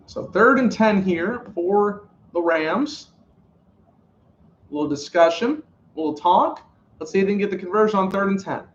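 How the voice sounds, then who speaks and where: A man hosting a casual live stream, reacting to a football game and calling plays in an excitable, rambling way. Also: moderate pace, echoey room, highs cut off, a little hiss or hum. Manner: excitable, rambling, pitch jumps on big plays. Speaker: sports live-stream host.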